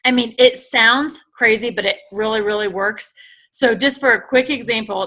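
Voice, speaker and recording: A woman in her thirties or forties, chatting casually with viewers and telling stories in an animated way as she recaps a convention. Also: medium pitch. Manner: chatty, animated storytelling, addresses viewers as "you guys". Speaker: host recapping a sales convention.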